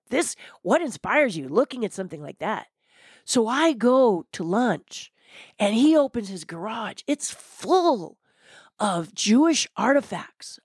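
A woman giving an interview, telling inspirational stories in an animated way and repeating words for emphasis. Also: fairly high pitch, no echo, clean studio sound. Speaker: interview guest. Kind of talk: animated motivational storytelling.

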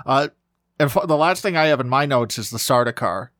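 Man, podcast co-host, eager casual chatter, mid-pitched voice, dry close-mic sound. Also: lively intonation, brisk, fairly bright tone, no echo. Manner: enthusiastic, talks with frequent restarts. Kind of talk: casual film discussion.

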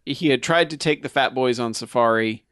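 A man in a casual film talk, breaking in with corrections and sarcastic swipes. His voice is mid-pitched. The sound is dry and close to the mic. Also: normal speed, a bit bright, smooth, no echo. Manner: sardonic, chiming in with corrections. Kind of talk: casual movie recap chat.

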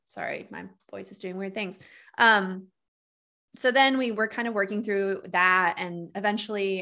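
A woman in her thirties as a podcast guest, telling her own story in a candid, casual way full of "like" and "um". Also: mid-range voice. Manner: frequent "like" and "um" fillers, candid and animated.

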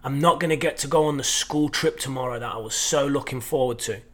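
A man voicing an eager young boy in a spoken parable, pleading and excited. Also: medium pitch, fairly quick, lightly acted. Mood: upset. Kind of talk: storytelling.

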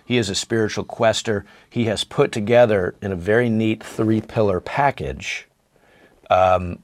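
A man's voice: on the low side, normal speed. A man talking earnestly and enthusiastically as a podcast guest, often restarting his phrases. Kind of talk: podcast conversation.

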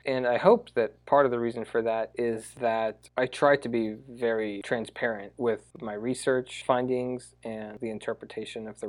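A man, a researcher guest on an academic podcast, answering in a thoughtful, relaxed way with easy laughs. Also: medium pitch. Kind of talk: casual academic podcast interview.

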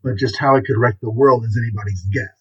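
A man reading aloud voices a commanding armored male superhero who gives clipped, brisk orders, with a husky voice. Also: medium pitch, fairly even intonation, lo-fi sound. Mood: grim.

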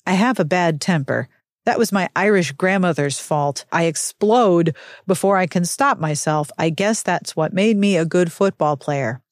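A sullen, short-fused teenage athlete, voiced by a woman reading a novel aloud. His lines come out gruff and clipped, a little lower than her own voice. The sound is dry. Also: a little slow, no room sound, natural voice. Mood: brooding. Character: moody young male athlete with a temper.

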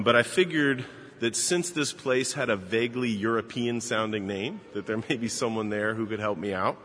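A man in his fifties, a pastor giving a sermon and telling a personal story in a relaxed, conversational way with frequent fillers. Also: mid-range voice. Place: church sanctuary. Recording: long reverb of a large hall.

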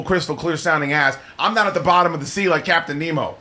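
A man's voice: fairly high pitch, fast talker, pushed and bright. A man hosting a radio show, ranting and swearing with sarcastic banter into a studio microphone. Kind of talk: profane live radio banter.

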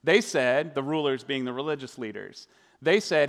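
A man's voice: medium pitch, moderate pace. Conversational man preaching in a reverberant hall. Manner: conversational, with fillers and tag questions. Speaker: pastor. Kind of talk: sermon.

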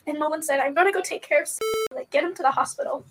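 A woman, a mother, recounting events in a recorded police interview, distraught and soft-voiced, her voice often breaking into tears. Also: high voice, very fast, rough recording. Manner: soft-voiced, quiet when upset. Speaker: mother being questioned by police.

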